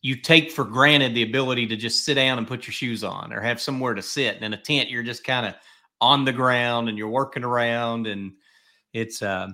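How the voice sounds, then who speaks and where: A man's voice: mid-range voice, fairly even intonation, normal speed, pushed and bright. A middle-aged man hosting a podcast, telling stories in a rambling, chatty way. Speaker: podcast host. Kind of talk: casual podcast chat.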